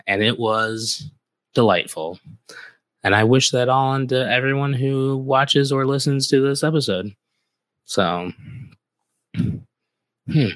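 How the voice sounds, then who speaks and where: A man's voice: on the low side, pushed and bright, no room sound. A man from the American Midwest hosting a podcast, telling a rambling, casual story full of filler "like"s. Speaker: podcast host.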